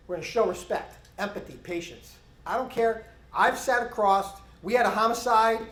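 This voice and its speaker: A middle-aged man training police officers, giving an animated conference presentation and acting out bits of interview dialogue. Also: high voice. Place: conference hall. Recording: echoey conference hall.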